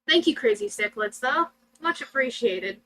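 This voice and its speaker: A woman's voice: on the high side, animated, moderate pace, sharp tone, poor audio. A middle-aged woman co-hosting a casual livestream, chatty and giggly as she thanks viewers by name. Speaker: livestream co-host.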